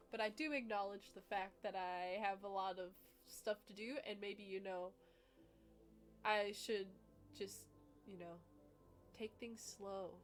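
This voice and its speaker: A young vlogger with a slightly high, fairly bright voice reacts to her dog competition video. Her talk is loose and giggly, wandering along with many fillers.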